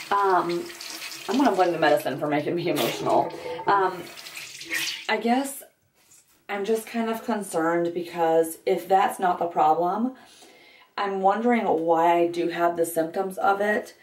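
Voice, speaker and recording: A woman's voice: lowish voice, recorded from a distance. A young woman talking candidly to the camera in a vlog while doing her makeup, with lots of fillers and restarts. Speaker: vlogger. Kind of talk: get-ready-with-me vlog. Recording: echoey room, voice a bit off-mic.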